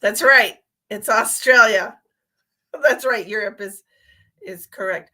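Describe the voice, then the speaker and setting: Bright, playful woman live-streaming. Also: fairly high pitch, takes it slowly. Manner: playful, laughs often, calls viewers sweetheart and honey. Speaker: psychic medium hosting a live stream. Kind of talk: casual live-stream chat with viewers.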